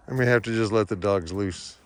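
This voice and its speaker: On a windy farm, a middle-aged farm church minister chats easily and coos at his animals in a high baby-talk voice. The recording has no echo.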